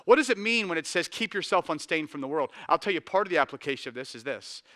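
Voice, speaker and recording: A man preaching a sermon as pastor, telling stories animatedly and swinging between quiet intensity and loud energy. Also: on the high side, expressive, fast talker, dry recording, studio quality.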